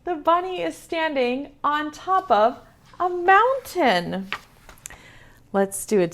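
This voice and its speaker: Her voice sitting high, a woman teaches preschool over a video call, reading a picture book in a gentle, playful manner and quizzing the kids. She is very animated but unhurried.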